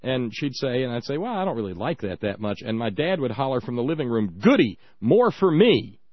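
A man hosts a talk radio show and chats in a halting, conversational way, often doubling up his words. The sound is dry and a little dull, like an AM broadcast. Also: medium pitch, animated, no echo. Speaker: radio host.

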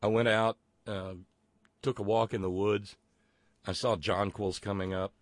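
A man's voice: on the low side, little pitch movement, a little slow, dry recording. A man hosting a live talk show, reading listener messages aloud in a rambling, sardonic way with plenty of fillers. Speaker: show host.

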